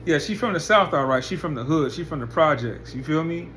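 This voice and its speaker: A commentary channel host fires off rhetorical questions in a blunt, profane monologue. His voice is fairly high for a man, animated, a bit bright, and a little fast, with faint hiss beneath the recording.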